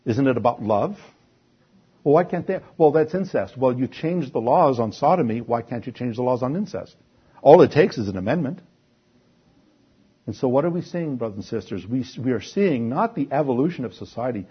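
A man's voice: medium pitch, lively intonation, moderate pace, slightly rough, dull audio. A man from Canada preaching a sermon to his congregation, slipping into sarcastic mock voices and building to emphatic peaks. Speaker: pastor.

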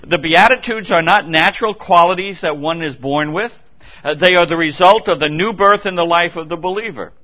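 Captured on a dull, lo-fi recording, this pastor preaches in a high-pitched, bright and forceful voice at a fairly quick clip. He is earnest and emphatic, hammering his main points through repetition and starting phrases over mid-thought.

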